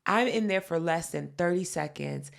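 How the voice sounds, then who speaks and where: A woman co-hosting a podcast, telling a story in casual chat with lively, profane delivery. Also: lowish voice, normal speed, creaky. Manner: animated, profane, acts out quotes. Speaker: podcast co-host.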